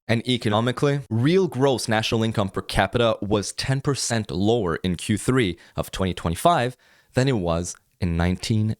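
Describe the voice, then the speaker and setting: A man's voice: deep voice, no room sound, clean studio sound. A man with a French-Canadian accent hosting a political commentary show, talking in a sarcastic, mocking monologue.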